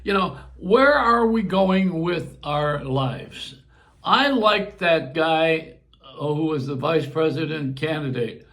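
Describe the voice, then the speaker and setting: A man's voice: a little high, slow, fairly bright tone. An older man, a longtime radio host from Buffalo with a New York accent, rambling through a casual monologue and chuckling as he digresses.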